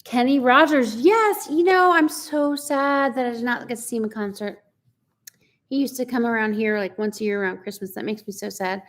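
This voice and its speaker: Chatty woman in her forties, pitched a bit high. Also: normal speed. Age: 40s. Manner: chatty, laughs often, reads out viewer comments. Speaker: livestream host. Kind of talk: casual live chat.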